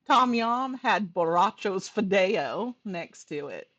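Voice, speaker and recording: A woman co-hosting a relaxed podcast, talking slowly and laughing her way through her stories. Her pitch swings widely as she gets animated. The sound is dry and close, with no room around it. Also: no echo, lo-fi sound. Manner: laughs often, animated storytelling. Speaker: podcast co-host. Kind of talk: casual chat.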